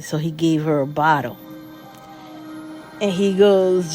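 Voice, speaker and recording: A woman casually telling a scary story in a rambling, unhurried way, full of fillers like "he goes". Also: on the low side, darkish tone, faint music behind.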